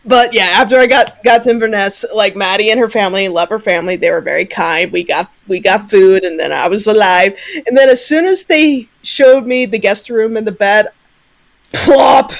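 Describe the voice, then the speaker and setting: A woman from Texas tells an animated story in a casual livestream chat and laughs often. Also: medium pitch, moderate pace. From Southern Texas. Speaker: guest.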